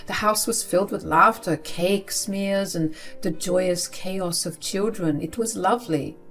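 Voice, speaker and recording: A woman's voice: fairly low pitch, unhurried, a bit bright, faint music behind. Woman narrating an emotional story. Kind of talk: first-person story narration.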